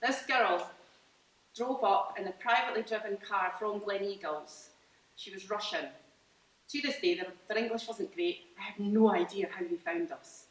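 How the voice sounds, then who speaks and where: A woman's voice: mid-range voice, fairly bright tone. A woman with a Scottish accent, a farmer talking to an audience about her farm business in a chatty, enthusiastic way, with lots of fillers and restarts. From Scotland. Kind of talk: informal presentation to an audience. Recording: roomy hall, mic at a distance.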